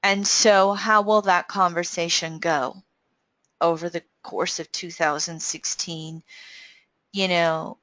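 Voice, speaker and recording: An American woman astrologer giving a yearly forecast in an earnest, unhurried way, often correcting herself. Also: fairly low pitch, steady tone, fairly bright tone, no room sound, dull audio. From United States.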